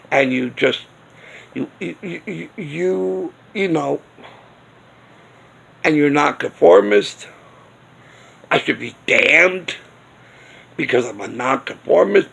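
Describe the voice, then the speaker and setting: Gravelly guy ranting on his vlog, slow and husky, all worked up. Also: fairly high pitch, fairly bright tone. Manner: indignant, ranting with rhetorical questions. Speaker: video blogger. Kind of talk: casual opinion vlog. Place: outdoors near a smoking area.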